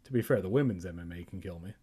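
A man's voice: low-pitched, rapid-fire, dark tone, breathy edge. A young man reading a children's book aloud for laughs, breaking off into crude, self-deprecating jokes. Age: young adult. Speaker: reader and comedian.

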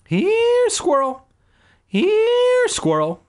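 A man voicing an excitable young boy who shrieks when scared, with a husky voice. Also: extremely high pitch, drawn-out words, pitched above the performer's own voice, heavily acted. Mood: frantic.

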